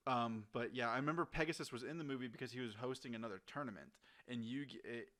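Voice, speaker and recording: A man co-hosting a casual gaming podcast, excitable and rambling, swearing often. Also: medium pitch, quick pace. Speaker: podcast co-host. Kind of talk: casual chat.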